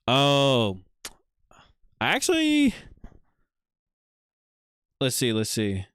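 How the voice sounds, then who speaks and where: A man hosting a casual livestream, chatting in a relaxed, rambling way with many fillers while showing viewers' art. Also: medium pitch, drawn-out words, long pauses, clean tone, no room sound. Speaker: livestream host.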